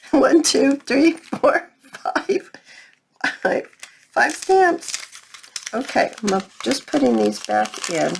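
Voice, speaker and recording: Slow, gravelly-voiced woman crafting. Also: medium pitch, a little hiss or hum. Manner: slow, chatty, thinking aloud while crafting. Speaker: craft vlogger. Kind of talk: casual crafting tutorial chat.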